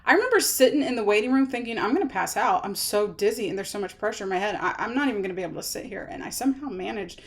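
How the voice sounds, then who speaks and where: A woman in her thirties telling her own illness story to camera, rambling and halting with many fillers and restarts. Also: medium pitch, animated. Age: 30s.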